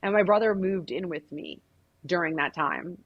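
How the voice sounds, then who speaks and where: A woman's voice: on the low side, normal speed, muffled recording. A middle-aged woman speaking bluntly and emphatically as an interview guest, with frequent swearing. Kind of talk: candid conversational interview.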